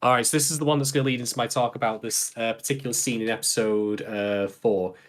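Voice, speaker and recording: A man's voice: mid-range voice, fairly even intonation, fast. A man co-hosting a casual podcast discussion, chatty, often correcting himself mid-sentence. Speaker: podcast co-host.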